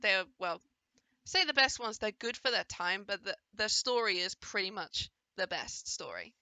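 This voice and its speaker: A woman's voice: mid-range voice, lively intonation, normal speed, sharp tone, no echo. A woman giving casual, enthusiastic commentary over a game trailer, now and then playfully voicing the characters she sees. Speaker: gaming video creator reacting to a trailer.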